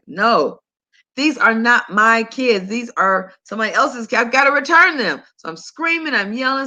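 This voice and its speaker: Bright-voiced chatty woman host. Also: mid-range voice. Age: older. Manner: chatty storyteller, animated and conversational. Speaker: health talk host. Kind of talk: casual monologue to listeners.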